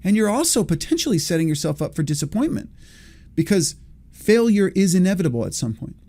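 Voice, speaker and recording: With a high, mellow voice that swings widely in pitch, a forty-something podcast host talks a little fast. Alone on his show, he muses in a rambling way and keeps revising what he says.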